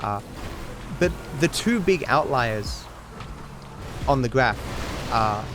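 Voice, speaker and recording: A man's voice: medium pitch, animated, takes it slowly. A young Australian man livestreaming a speedrun, talking casually in a rambling, opinionated way full of fillers and restarts. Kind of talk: casual stream chat while gaming. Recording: home mic with game music and gunfire behind. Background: game music and gunfire.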